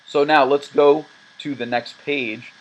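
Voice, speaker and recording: A male music teacher explaining meter in a screen-recorded lesson, counting rhythms aloud with emphasis in a relaxed, reassuring way. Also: a little high, a little slow, rough recording. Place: room at a laptop. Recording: laptop fan noise behind.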